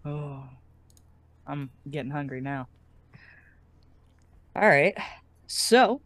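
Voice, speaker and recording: A woman's voice: low voice, a little slow, pauses often, a bit bright, dry recording. A woman narrating as game master, rambling and hesitant with many fillers.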